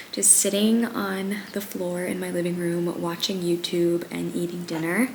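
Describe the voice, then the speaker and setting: A woman's voice: fairly low pitch, gravelly, slight background noise. A young woman vlogging to camera from her living room floor, talking casually and upbeat as a personal trainer and nutrition coach, with plenty of fillers. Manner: relaxed, chatty, upbeat, with frequent fillers. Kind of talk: casual vlog chat to camera while eating.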